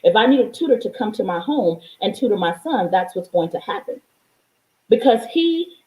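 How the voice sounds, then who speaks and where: A woman's voice: mid-range voice, sing-song, moderate pace, warm tone, roomy sound, poor audio. A woman life coach and mother talking straight to her viewers in an emphatic, preachy way. She repeats lines for stress and swears freely. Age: adult, parent of a young child. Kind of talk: motivational vlog monologue.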